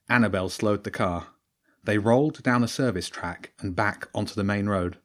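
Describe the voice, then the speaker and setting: A man's voice: lowish voice, moderate pace. Man reading a children's adventure story. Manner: lively, raising his voice for shouted lines. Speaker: author and storyteller.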